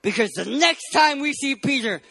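A male pastor preaching a sermon at a church service, emphatic, swinging between loud and hushed delivery. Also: very high voice, animated, moderate pace, vocal fry.

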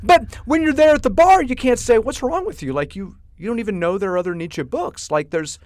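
Co-hosting a podcast, a middle-aged man spins stories in casual conversation, voicing the people he quotes with animated flair. His voice is extremely high-pitched and fairly quick, captured in clean studio sound with no echo.

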